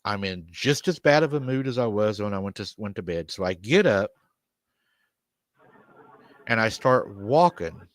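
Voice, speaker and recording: A paranormal show host with a lowish, lively voice retells an interview, spinning a family's haunting story at length and saying "she said" again and again. He speaks unhurriedly with long pauses, and the recording has no echo.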